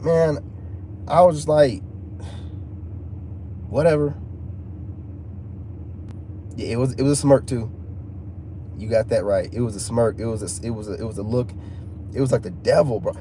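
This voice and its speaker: A man's voice: medium pitch, brisk, long pauses, warm tone. A man telling a personal story to viewers in casual, emphatic talk full of slang and repeats. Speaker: channel host. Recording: faint background noise.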